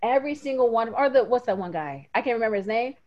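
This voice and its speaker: A woman's voice: on the high side, fast. A woman co-hosting a podcast, casually and emotionally retelling favorite moments with lots of fillers. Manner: animated, emotional storytelling with fillers. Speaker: podcast co-host. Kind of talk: casual chat. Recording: muffled lo-fi audio.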